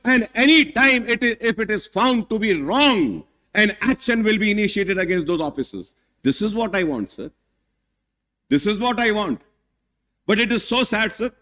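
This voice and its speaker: A man's voice: sits high, expressive, moderate pace, sharp tone. A middle-aged man with an Indian English accent giving an emphatic speech in a legislative assembly debate. He keeps addressing the chair as "sir" and moves between English and Hindi. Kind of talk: parliamentary speech. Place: large legislative chamber. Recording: long hall reverb.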